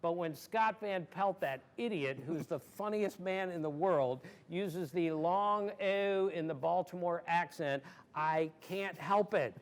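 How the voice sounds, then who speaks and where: A man in his sixties from Maryland, guest at an audience Q&A, telling stories in an animated, emphatic way and laughing easily. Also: sits high, unhurried, few pauses. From Maryland, USA. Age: 60s. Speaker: guest sportswriter. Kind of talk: storytelling in an audience Q&A.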